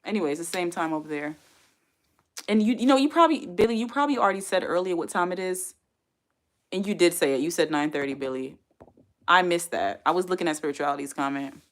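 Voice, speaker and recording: A woman's voice: lowish voice, quick pace. A woman chatting casually on her livestream, rambling and reading viewer comments aloud. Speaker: livestream host. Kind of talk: casual live-stream chat.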